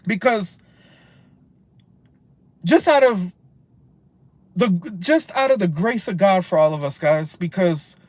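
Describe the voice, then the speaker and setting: A man's voice: high voice, expressive, slow pace, pauses often, a little mellow, dry recording. A man of about thirty, ranting casually on a live stream from inside a car, heated and profane, rambling and mixing in Spanish slang. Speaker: livestream host.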